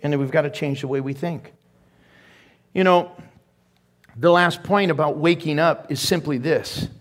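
A man's voice: fairly high pitch, unhurried. A middle-aged male pastor preaching a sermon in a conversational way, with laughing asides and growing emphasis.

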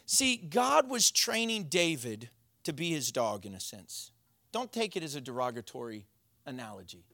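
A man's voice: a little high, very animated, normal speed, pushed and bright, no echo, studio quality. A man preaching a sermon, telling stories in a plain, conversational way. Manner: conversational storytelling, plain folksy talk.

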